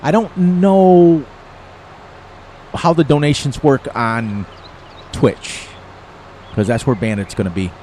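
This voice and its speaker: An older man in his sixties, from the eastern United States, talks through a farming game in a loose, rambling way. His voice sits at a medium pitch, and he chuckles at his own jokes. Faint outdoor noise hums behind him. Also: animated, unhurried, long pauses. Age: 60s. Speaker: gaming streamer. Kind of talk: casual gameplay commentary.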